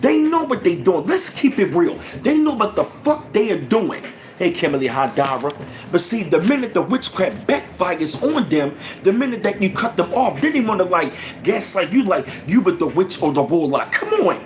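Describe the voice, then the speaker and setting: A man ranting casually to his livestream viewers, animated and profane, repeating himself as he goes. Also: high-pitched, normal speed, reverberant, slight background noise. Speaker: channel host.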